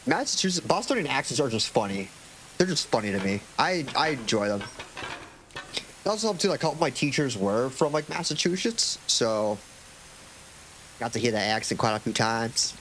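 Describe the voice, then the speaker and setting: A young man from Florida chats on a live stream, rambling from topic to topic and joking with casual swearing. His voice sits at a middle pitch, and a faint hiss runs under the desk mic. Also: big pitch swings, moderate pace, fairly bright tone. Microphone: desk microphone.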